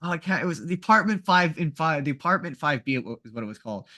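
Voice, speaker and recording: Rambling bright-voiced man chatting. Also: a little high, expressive, fast. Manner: rambling, many restarts and laughs. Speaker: podcast co-host. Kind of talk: casual chat.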